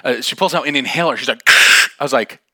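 A man's voice: medium pitch, fairly quick, dry recording. A man, a pastor, giving a casual storytelling sermon in a conversational way, acting out the dialogue of the people in his story. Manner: animated, acts out dialogue in raised voices; casual and conversational with frequent fillers.

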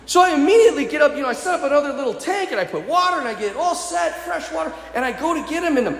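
A man preaching a sermon, telling stories in an animated way and calling the listeners to act. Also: very high-pitched, very fast, creaky. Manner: animated storytelling, laughs and yells in the telling. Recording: echoey church hall, faint ambience.

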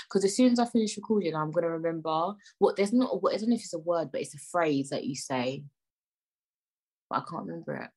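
A woman's voice: lowish voice, lively intonation, quick pace, a little mellow. A young woman hosting her own podcast, chatting in a rambling, playfully indignant way and sometimes dropping into near-whispered asides. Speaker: podcast host. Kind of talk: casual solo podcast chat.

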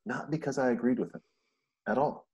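A man's voice: medium pitch, brisk, vocal fry, muffled recording. A middle-aged man from Montana hosting a podcast, telling stories in casual chat and acting out the quotes. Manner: animated storyteller, acts out quotes. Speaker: podcast host.

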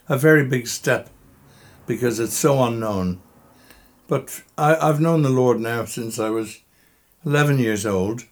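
A man's voice: medium pitch, a little mellow. A man of seventy-five talking from his bed in a podcast interview, breathless and emotional, reflective and chuckling, choking up at times, with a microphone lying on the bedsheet. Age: 70s. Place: bedroom, recorded from bed. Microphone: microphone resting on the bedsheet.

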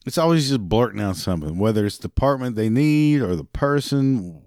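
A man's voice: medium pitch, lively intonation, fairly quick, hardly any pauses, darkish tone, dry recording, clean studio sound. A man who works a parts counter, ranting profanely about customer service calls and mimicking the callers. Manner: drinks beer while talking. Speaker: parts department worker. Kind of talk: ranting monologue.

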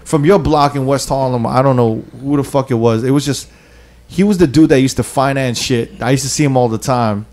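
A man's voice: medium pitch, brisk, a little mellow. A man telling a long, rambling story to friends on a podcast, full of slang, restarts and fillers. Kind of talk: casual storytelling among friends.

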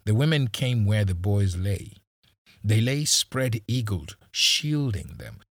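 Male audiobook narrator, low husky voice, slow and dry, measured dramatic delivery. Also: very animated, no echo.

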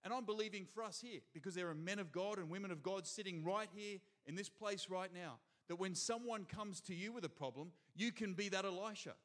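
An Australian man preaches in a high, bright register with lively energy. He keeps calling out to the congregation from the front of a church hall. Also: fairly quick, few pauses. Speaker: pastor. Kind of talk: sermon.

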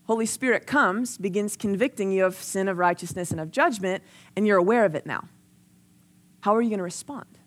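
A young adult woman gives a sermon in a relaxed, conversational way. Her voice sits in a middle pitch, and she talks with earnest warmth of conviction. Now and then she acts out the people she quotes. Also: a little fast. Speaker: preacher.

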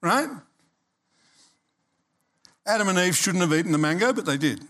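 A man's voice: sits high, expressive, normal speed, fairly bright tone. A man in his sixties preaching a sermon as pastor, talking conversationally, checking in with the congregation and slipping in humorous asides.

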